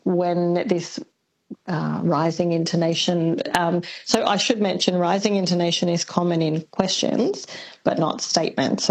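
A woman, a linguist, answering questions on a radio interview in a thoughtful, hesitant way with frequent pauses. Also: lowish voice, vocal fry, darkish tone, low-quality recording. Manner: thoughtful, hesitant with many ums. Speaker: linguist guest.

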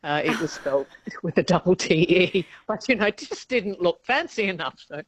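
A woman's voice: lowish voice, animated, normal speed, no room sound. Chatty woman professor, laughing as she explains. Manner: chatty and explanatory, laughs often mid-sentence. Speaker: linguistics professor, guest. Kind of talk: radio interview answers.

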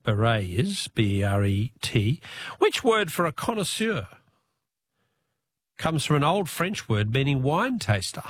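A man's voice: mid-range voice, big pitch swings, unhurried, no echo, studio quality. A man hosting a talkback radio quiz, joking, punning and spelling out answers.

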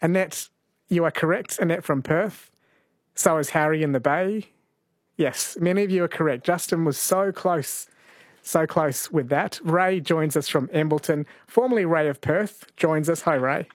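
A man's voice: fairly high pitch, normal speed, dry recording, clean studio sound. Easygoing man hosting radio. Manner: easygoing, reads out listener texts. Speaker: radio quiz host. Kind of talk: late-night talkback radio. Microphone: studio microphone.

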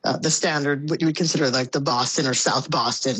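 A woman's voice: extremely low pitch, fairly even intonation, brisk, fairly bright tone, slightly rough, no echo. A woman speaking as a guest in a casual conversation, thoughtful, with many restarts and fillers. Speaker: guest commentator on Boston. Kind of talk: casual radio-style conversation. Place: Boston area.

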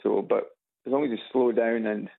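A man from Edinburgh with a Scottish accent, calling in to a radio show and chatting in a halting way with many restarts. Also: mid-range voice, fairly even intonation, vocal fry. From Scotland. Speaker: radio caller. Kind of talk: phone-in chat. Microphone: phone on loudspeaker. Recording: tinny phone line on radio.

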